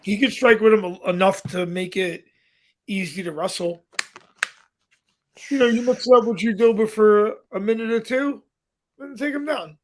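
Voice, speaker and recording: A man with a Brooklyn accent and a notably high voice, talking loosely on a podcast. He throws out short, punchy phrases as he breaks down fights with his co-hosts. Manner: chatty, talks fight breakdowns in quick bursts. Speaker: podcast co-host. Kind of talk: casual podcast chat.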